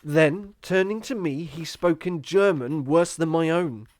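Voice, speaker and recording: An earnest young Victorian traveller, voiced by a man who narrates a gothic audio drama. His voice sits a little high for a man, and he tells the story in a measured, storytelling way. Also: darkish tone, no room sound, natural voice. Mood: tense.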